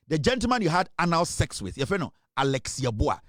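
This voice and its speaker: Threatening man with a lively voice. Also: a little high, fast, few pauses, no room sound, studio quality. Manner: threatening, repetitive, accusatory. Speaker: talk show host. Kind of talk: heated live commentary.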